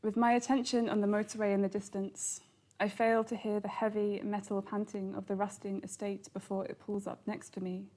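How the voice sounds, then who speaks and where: Woman, author reading her novel aloud, calm, flat even pitch, bookshop event. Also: a little fast. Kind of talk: literary reading.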